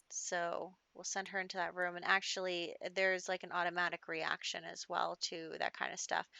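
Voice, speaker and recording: A young woman talking through her game in a loose, chatty way, laughing and tossing in fillers. Her voice sits at an ordinary mid pitch. The desk mic sounds dry and close, with no room around it. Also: gravelly, pushed and bright, dry recording. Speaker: gaming YouTuber. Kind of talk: casual gameplay commentary.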